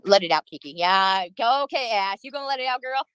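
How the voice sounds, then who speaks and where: A woman's voice: mid-range voice, expressive, a little fast, fairly bright tone, smooth, no echo, low-quality recording. A woman livestreaming, venting in a heated, profane rant while answering her chat.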